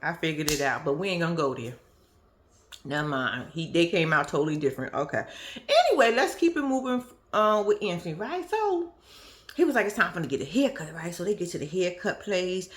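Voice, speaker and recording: A woman in casual reaction commentary, chatty and animated, laughing often and swearing freely. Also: on the low side, fairly quick. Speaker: reality TV commentator.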